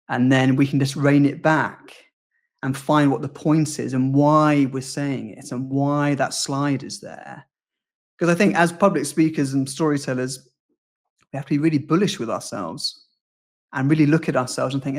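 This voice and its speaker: A man's voice: mid-range voice, fairly even intonation, moderate pace. A man from the UK, a public speaking coach, talking in a podcast interview, speaking fluently and acting out quoted lines. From United Kingdom.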